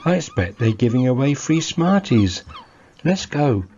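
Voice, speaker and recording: A man's voice: medium pitch, very animated, unhurried, mellow, slight background noise, voice pushed up. A chirpy, curious young girl asks question after question, as a male reader puts her on. Her voice sits a bit above the storyteller's own, light and friendly, for a family bedtime-style tale on a slightly muffled recording. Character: cheerful young earth girl.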